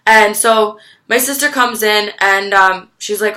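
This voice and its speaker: A young woman vlogger telling a personal story to the camera, candid and halting, swearing freely. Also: medium pitch, steady tone, sharp tone.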